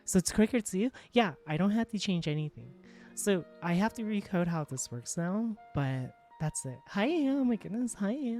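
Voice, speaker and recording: A woman streaming live, chatting casually while she works, excitable and full of exclamations as she greets her chat. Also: on the low side, normal speed, soft background music. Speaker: live streamer and world creator.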